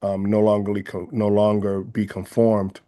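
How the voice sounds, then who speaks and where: A man from the San Francisco Bay Area with a Bay Area accent, speaking as an interview guest in an earnest, measured way and often rephrasing his ideas. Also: fairly low pitch, flat delivery, mellow, clean tone. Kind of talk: reflective interview conversation.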